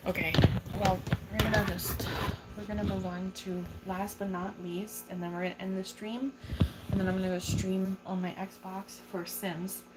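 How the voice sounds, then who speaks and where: Recorded on a phone amid heavy background noise, this young woman talks at a normal pace in a medium pitch that barely rises or falls. She's livestreaming as she tends her tarantulas, cursing without restraint and cooing to her spider.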